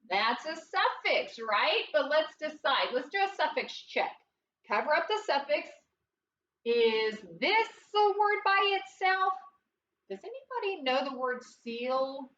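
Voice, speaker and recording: Bright high-voiced phonics teacher, slow. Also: female voice, sing-song, distant mic. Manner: patient, sing-song teacher voice, asks questions and answers them. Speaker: first grade phonics teacher. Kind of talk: classroom phonics lesson. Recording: dull roomy sound from away from the mic with faint noise.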